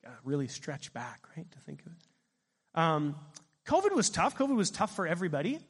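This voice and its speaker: A middle-aged man preaching a sermon as pastor, animated and asking his congregation questions. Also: a little high, moderate pace, slightly rough, long reverb tail.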